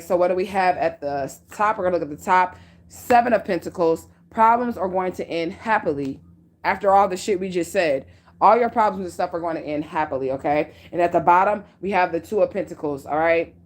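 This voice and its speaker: A woman's voice: lowish voice, brisk. A woman talks straight to her viewers during a tarot reading recorded at home. Her delivery is blunt and peppered with swearing. She hammers each point home with an emphatic "okay?" or "period". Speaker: tarot reader. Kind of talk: casual tarot reading to camera. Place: at home near a window.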